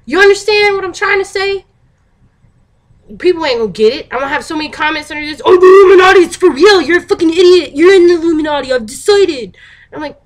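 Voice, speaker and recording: Profane ranting woman vlogger, higher voice. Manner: profane, animated, laughing, swinging loud and soft. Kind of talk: casual rant to camera.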